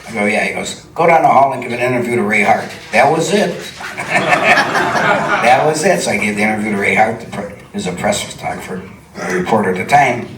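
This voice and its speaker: An older man telling lively stories about his years in local television, acting out what others said and laughing often, before a live audience. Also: on the low side, a little fast, a crowd in the background. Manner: chatty, laughs often, acts out quoted dialogue. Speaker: guest storyteller. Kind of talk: live on-stage storytelling. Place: supper club stage before an audience. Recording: roomy venue sound from a distant mic with background noise.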